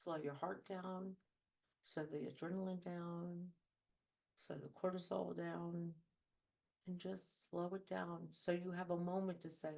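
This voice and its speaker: A woman with a somewhat low voice hosts a coaching talk show. She speaks earnestly and conversationally, with the easy pace of casual advice. She leans on repeated phrases to drive her points home. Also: level tone, unhurried, gravelly, a little mellow.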